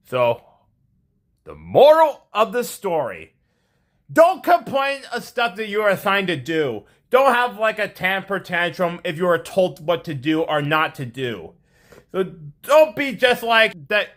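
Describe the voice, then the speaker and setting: A man telling a story to his viewers in a rambling, repetitive way, ending with a moral and a sign-off. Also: high voice. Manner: rambling, animated, repeats himself. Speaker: vlogger. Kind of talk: casual storytelling to camera.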